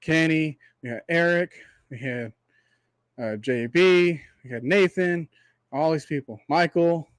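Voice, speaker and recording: High-voiced young man ranting to viewers. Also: no echo. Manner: preachy, repetitive rhetorical asides, drawn-out extended metaphor. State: voice tiring from long talk. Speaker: livestream host.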